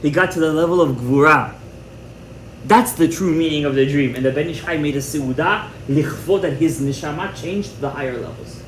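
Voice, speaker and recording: Man, rabbi, Torah class, emphatic, animated, Hebrew terms, higher voice, roomy echo. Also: brisk, a little hiss or hum. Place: indoor room with a live audience. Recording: echoey room with faint ambience.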